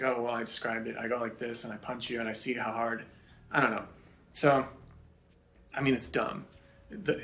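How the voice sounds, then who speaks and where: A man's voice: medium pitch, a bit bright, reverberant. Rambling profane man telling a story. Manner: rambling, profane, self-deprecating. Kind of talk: casual spoken storytelling.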